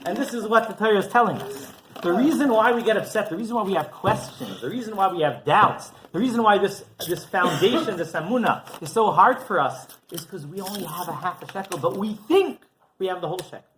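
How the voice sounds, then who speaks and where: A man's voice: high-pitched, fairly quick, slight background noise. A rabbi giving a sermon as a story, chuckling often and checking in with his listeners. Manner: animated, chuckling, keeps asking "right?". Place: synagogue.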